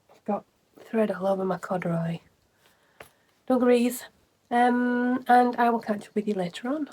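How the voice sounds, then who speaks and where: A woman's voice: mid-range voice, husky. A woman chatting casually at home in a vlog, tired and rambling with lots of fillers. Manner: chatty, rambling, soft-spoken with frequent fillers. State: tired, yawning. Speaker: vlogger.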